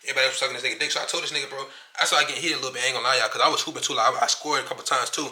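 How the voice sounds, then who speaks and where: A young man from Virginia tells a story to his camera in loose, slang-heavy speech. He talks extremely fast with a bright, edgy tone. The sound is roomy and echoey, with a faint hiss behind it. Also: mid-range voice. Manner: rapid, profane, animated storytelling with heavy slang. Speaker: vlogger.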